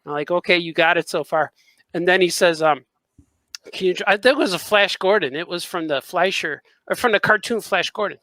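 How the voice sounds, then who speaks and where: A man who draws comics, co-hosting a podcast and telling a story with lively acted-out dialogue and frequent laughter. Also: high-pitched, brisk, no room sound, low-quality recording. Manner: animated storyteller, acts out dialogue, laughs often. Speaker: podcast co-host and comic artist. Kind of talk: casual chat.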